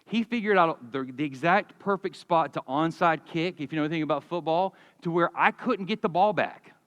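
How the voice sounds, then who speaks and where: A man in his forties preaching a sermon, telling stories in a lively, conversational way with humor. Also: fairly high pitch, brisk, in a large hall, muffled recording. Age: 40s. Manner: animated storytelling, conversational with humor. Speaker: pastor. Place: church sanctuary.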